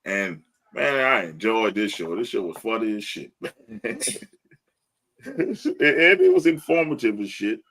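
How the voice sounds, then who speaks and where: A man's voice: lowish voice, lively intonation, a little slow, a bit bright. A man co-hosting a casual sports podcast, talking bluntly with lots of profanity and laughing often between lines. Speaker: podcast co-host. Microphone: live stream podcast mic.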